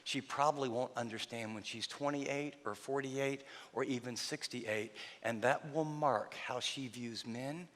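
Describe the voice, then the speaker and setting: A man preaching a sermon as a pastor, speaking emphatically and then dropping to a near-hush for emphasis. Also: medium pitch, a little slow, few pauses. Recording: reverberant hall.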